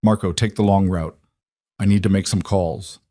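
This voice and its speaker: A man's voice: deep voice, fairly even intonation, normal speed, mellow, no echo, studio quality, lightly acted. A man voicing a possessive, intense young mafia boss who speaks in a commanding way.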